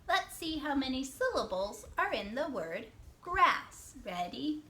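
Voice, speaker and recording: In a high, pushed, bright voice full of big pitch swings, a female classroom teacher leads a reading lesson for young kids. She goes slowly, elongating words to count syllables, offering praise for answers and occasionally whispering.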